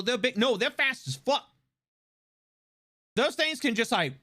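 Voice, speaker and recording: A man streaming live, chatting casually and animatedly with lots of swearing and laughter. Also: sits high. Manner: animated, profane, laughing often.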